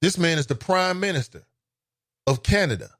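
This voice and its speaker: A fairly high male voice with big pitch swings talks at normal speed in a clean studio recording free of room sound. He hosts a call-in talk show with a Cincinnati, Ohio accent, chatting casually while laughing and exclaiming at listener comments.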